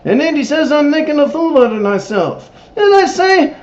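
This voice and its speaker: A man hosting a TV episode recap, telling it in character in an excitable, emphatic way. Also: very high voice, normal speed. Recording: roomy, dull lo-fi recording.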